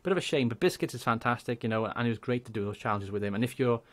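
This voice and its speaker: A young man with a Welsh accent, a gaming YouTuber chatting casually and rambling through channel shout-outs. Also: medium pitch, animated, very fast. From Wales. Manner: chatty, rambling, laughs often.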